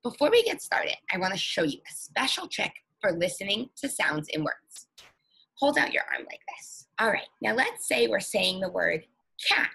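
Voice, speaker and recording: A woman teacher leading an early-reading lesson for young children, slow and patient, stretching out each sound. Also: medium pitch, sing-song, creaky, bright, forceful tone.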